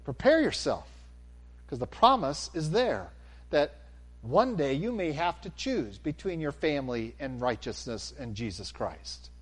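A man preaching a sermon, animated, swinging from near-shouts down to a calm, low delivery. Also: unhurried.

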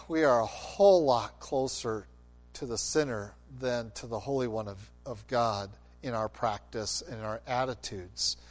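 A man preaching a sermon, expressive, moving between loud emphasis and quiet intensity. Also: medium pitch. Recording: long hall reverb.

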